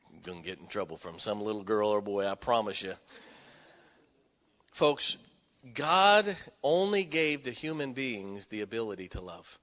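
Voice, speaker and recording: A man's voice: on the low side, sing-song, moderate pace, pauses often, a bit bright. A middle-aged man preaching a sermon, joking and folksy, with sudden emphatic rising bursts. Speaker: pastor. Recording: long hall reverb.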